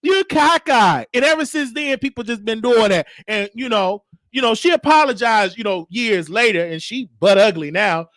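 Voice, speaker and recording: Man, very high voice, dry close sound, animated storyteller, show host. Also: normal speed, few pauses, dry recording. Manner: animated, mimics others, drops to a low crooning voice. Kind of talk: casual storytelling monologue.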